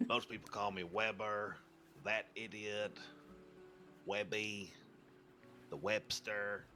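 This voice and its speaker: A man's voice: fairly low pitch, little pitch movement, slow, pushed and bright, soft background music. A man playing a senior deputy in an online roleplay, joking and self-mocking with the others. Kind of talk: in-character roleplay chat.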